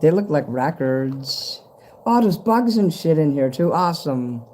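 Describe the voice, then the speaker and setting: A man with a slightly high, mellow voice rambles through an unboxing at home, cursing freely and getting excited over each gift. He talks loosely to a handheld camera, with a faint hiss of room sound behind him. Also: unhurried. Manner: rambling, curse-laced, easily delighted. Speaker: vlogger opening a fan's package. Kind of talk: casual unboxing chat to camera.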